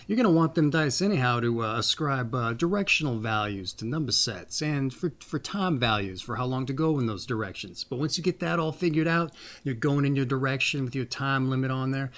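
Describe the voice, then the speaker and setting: A man with a voice of middling pitch hosts a loose, meandering monologue. He jokes with the listener and circles back to a folksy catchphrase. Between the asides he reads passages aloud from a book. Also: expressive, brisk, hardly any pauses, fairly bright tone. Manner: rambling, folksy, often says "that's right"; playful, jokey asides. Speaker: host of a birthday reading channel.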